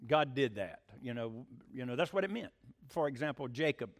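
A man preaching a sermon in an animated, folksy, conversational way. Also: normal speed. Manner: animated, folksy, with swooping pitch. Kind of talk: sermon teaching.

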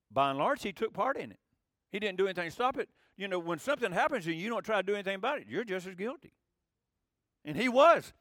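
A man's voice: sits high, fairly bright tone, dry recording, clean studio sound. A man preaching a sermon in a conversational way, his voice rising for emphasis. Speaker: pastor.

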